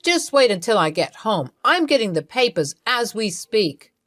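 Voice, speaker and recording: Woman doing a cold, accusing young husband, lowered voice, dry read. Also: very animated, normal speed, fairly bright tone, no echo. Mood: hurt angry. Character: hurt, angry young husband on speakerphone.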